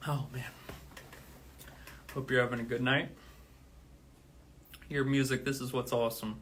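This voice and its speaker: Man, livestreaming musician, monotone delivery, a bit winded, faint hiss behind. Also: medium pitch, unhurried. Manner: steady counting, then grateful rambling. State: out of breath. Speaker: drummer streaming live. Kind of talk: casual livestream talk.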